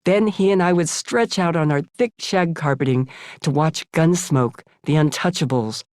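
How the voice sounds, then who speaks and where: Recorded with no echo, a low and somewhat mellow female voice narrates an audiobook memoir. The speaker, an American woman in her seventies, reads her own words frankly and sardonically at a studio microphone.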